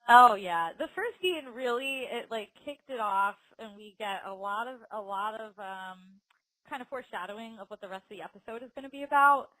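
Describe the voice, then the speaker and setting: A woman's voice: a little high, a little fast, bright, forceful tone, no echo, poor audio. A woman co-hosting a podcast in casual chat, laughing often and talking with lots of fillers. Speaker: podcast co-host.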